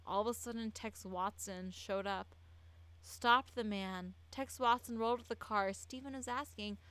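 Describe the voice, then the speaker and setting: A woman's voice: mid-range voice, measured pace, a bit bright, clear, resonant tone, no room sound, low-quality recording. A tipsy woman tells a true-crime story in a loose, casual way. She rambles, trips over her words and restarts her sentences as she goes.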